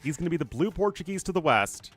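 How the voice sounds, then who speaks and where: A man's voice: on the high side, animated, quick pace, fairly bright tone. A man casting a live strategy game tournament, chatty and joking as he answers viewer chat. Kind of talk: live esports commentary.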